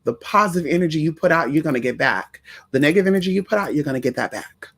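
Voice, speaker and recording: A man's voice: fairly high pitch, lively intonation, racing, gravelly, fairly bright tone, breathy edge. Sassy, campy man chatting on a livestream. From Puerto Rican family in the US. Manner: sassy, profane, campy, greets viewers in chat. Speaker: livestream host and spiritual reader. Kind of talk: casual livestream chat.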